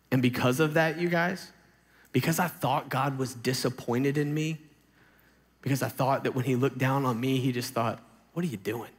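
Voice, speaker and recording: A man in his thirties preaches to a youth camp, talking to the crowd like a friend. He is animated, and his voice gets louder when he stresses a point. His mid-pitched voice carries a long reverb from the large hall. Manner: animated, conversational, pushes his voice louder for emphasis.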